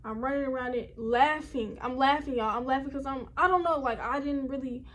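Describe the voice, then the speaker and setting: High-voiced young woman rambling through a story. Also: a little fast, fairly bright tone. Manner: rambling, chatty, talks straight to viewers. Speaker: vlogger. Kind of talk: casual storytime. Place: indoors at home.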